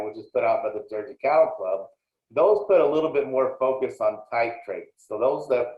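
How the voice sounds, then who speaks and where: Man, extension lecturer, explanatory and plainspoken; roomy, dull recording. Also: mid-range voice. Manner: plainspoken and explanatory, with frequent small restarts.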